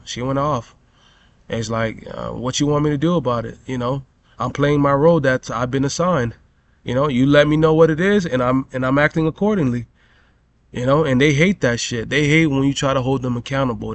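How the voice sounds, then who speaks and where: A man's voice: mid-range voice, normal speed, no echo. A young man telling a profane, rambling story as a vlogger rant, full of "bro" and "you know".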